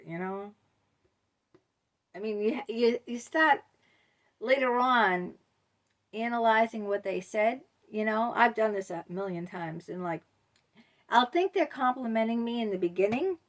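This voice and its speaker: A woman talks casually to camera as a vlogger, wandering through her points with frequent ums and you-knows. Her voice sits mid-pitch with a gravelly fry.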